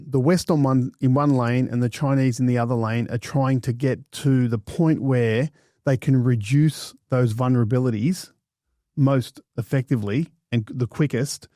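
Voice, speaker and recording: A man's voice: mid-range voice, mellow, no echo, studio quality. A man co-hosting a podcast in a chatty, questioning way, with crude jokes now and then. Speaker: podcast co-host. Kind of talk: casual podcast chat.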